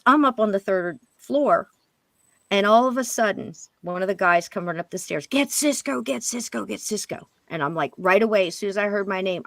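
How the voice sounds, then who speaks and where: A woman telling a spirit story as a guest medium on a paranormal interview show, acting out what she and others said and dropping into a hush at times. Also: on the low side, no room sound. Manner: animated, quotes spirits and herself in hushed voice.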